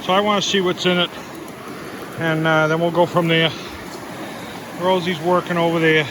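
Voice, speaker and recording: A man with a fairly high voice talks casually to a handheld camera while prospecting outdoors. He is chatty and easygoing. Rushing river water fills the background. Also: level tone. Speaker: vlogger, gold prospector. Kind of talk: casual outdoor vlog narration. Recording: loud river noise outdoors.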